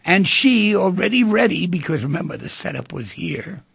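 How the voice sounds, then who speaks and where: A man hosts a call-in radio show with a heavily gravelly, rough-textured voice that has a breathy edge. His pitch swings widely as he tells stories and acts out dialogue, and the sound is close and dry. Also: big pitch swings, moderate pace, a bit bright, no room sound. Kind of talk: talk radio discussion.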